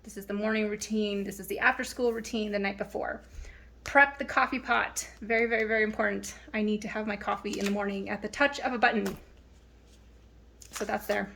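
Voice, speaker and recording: A planner vlogger in her thirties talks casually through her planner at home, slightly out of breath and rambling a bit with ums and restarts. Her medium-pitched voice is fairly bright with fairly even intonation, a little fast, with vocal fry, and the audio carries a little hiss or hum.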